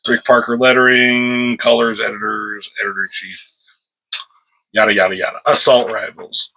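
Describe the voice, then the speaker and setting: A man's voice: fairly low pitch, little pitch movement, moderate pace, pushed and bright, low-quality recording. A man reviewing a comic book at home in an offhand, rambling chat, breaking off now and then to scold his cat.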